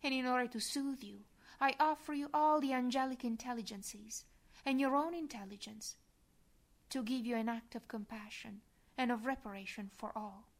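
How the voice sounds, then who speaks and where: A woman reads a devotional prayer aloud, her voice sitting a little high. She keeps it soft and reverent, at times sinking to a breathy whisper. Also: moderate pace. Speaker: devotional reader.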